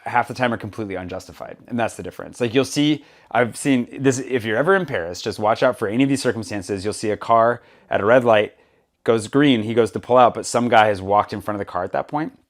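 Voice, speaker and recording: In a relaxed podcast conversation, the male host is an animated storyteller who performs the quoted dialogue in his tales. He talks fast, with a fairly low-pitched voice.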